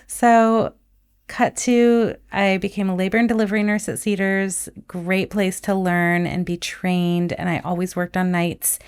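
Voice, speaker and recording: A woman's voice: medium pitch, level tone, measured pace, clean tone. A woman who is a nurse, speaking as a podcast guest and telling her own story candidly. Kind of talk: casual conversation.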